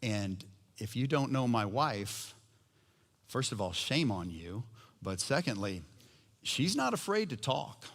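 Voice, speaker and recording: Pastor preaching in a reverberant hall. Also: male voice, medium pitch, very animated, slow, fairly bright tone. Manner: storytelling, conversational with humor. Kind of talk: sermon. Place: church sanctuary.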